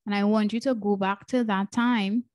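A woman's voice: mid-range voice, fairly even intonation, moderate pace, a little mellow, dry recording. A woman hosting a podcast as a breathwork coach, telling a personal story in an earnest, emotional way and repeating phrases for emphasis.

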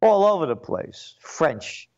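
A man's voice: on the high side, very animated, slow pace, darkish tone. A man from the Bronx, giving a sarcastic, indignant solo commentary and reading aloud with emphatic asides. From the Bronx, New York. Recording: muffled lo-fi recording.

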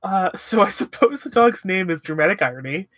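A man's voice: high-pitched, lively intonation, a little fast, fairly bright tone, no room sound, clean studio sound. A man playing a tabletop game, asking questions and theorizing aloud about the case. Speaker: player. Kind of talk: casual tabletop game chat.

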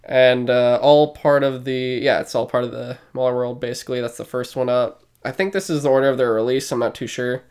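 A man's voice: mid-range voice, steady tone, a little fast, hardly any pauses, darkish tone, clear, resonant tone. A man co-hosting a podcast in casual chat, rambling loosely with plenty of fillers and swearing. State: short of breath. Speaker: podcast co-host.

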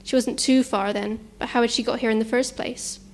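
A woman narrating a suspense story in a measured, tense manner. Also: on the high side, steady tone.

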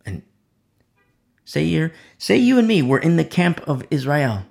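Man preaching with dramatic hushed drops. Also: fairly high pitch, very animated, a little slow, gravelly. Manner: dramatic swings from loud emphasis to hushed whispers; repeats key phrases for emphasis. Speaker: preacher leading a Bible study. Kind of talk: verse-by-verse sermon.

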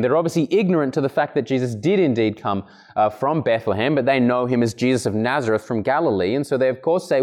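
A man preaching an expository sermon, earnest and emphatic, occasionally clearing his throat between points. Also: a little fast, a little mellow. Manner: earnest, emphatic, acts out quoted speakers with raised pitch.

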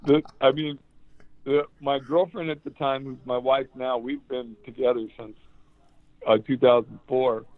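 A man telling a rambling story as a guest, excitable and swearing often, over a call line. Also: medium pitch, a little slow, dry recording. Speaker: guest musician. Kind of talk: casual storytelling. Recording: tinny phone-like line, dry.

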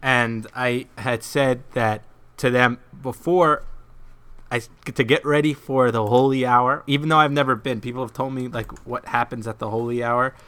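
Podcast host guy, bright punchy voice, joking around casually. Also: medium pitch, fairly even intonation, normal speed, clean tone.

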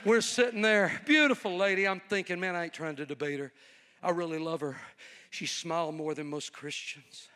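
A man's voice: fairly high pitch, moderate pace, sharp tone, clear, resonant tone. A man preaching a storytelling sermon, folksy and conversational, swelling into a fervent preaching cadence. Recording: long reverb of a large hall.

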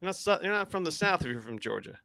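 A man's voice: fairly high pitch, very animated, quick pace, gravelly, pushed and bright. A man from New Jersey in casual argumentative banter, profane and exclaiming.

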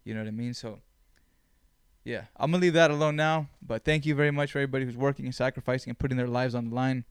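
A man hosting his own podcast, telling stories in a blunt, animated way with plenty of swearing. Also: medium pitch, fast talker, clean tone, no room sound, studio quality. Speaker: podcast host. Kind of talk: casual chat.

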